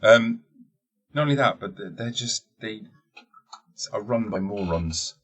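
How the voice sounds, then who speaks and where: A man's voice: on the low side, expressive, unhurried, heavy background noise. A man hosting a casual solo podcast, rambling and jokey and swearing freely. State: wearing teeth-straightening trays. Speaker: podcast host.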